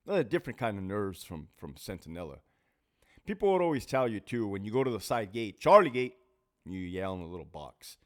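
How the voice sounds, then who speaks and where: A lowish-voiced man who used to be a prison officer hosts a casual talk show, fairly quick and very animated. He swears liberally as he spins stories in a monologue and reads viewer names aloud.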